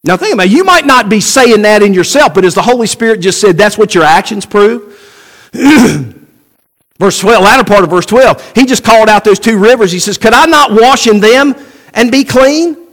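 A man's voice: sits high, lively intonation, brisk, fairly bright tone. A man preaching a sermon, asking rhetorical questions and acting out quoted voices. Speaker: pastor.

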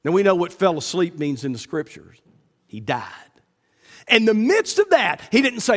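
A middle-aged pastor preaching with a slightly high, ringing voice. He speaks emphatically, leaps upward when he quotes and slows down to read scripture. His voice carries a long reverb through a church sanctuary. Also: big pitch swings. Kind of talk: sermon.

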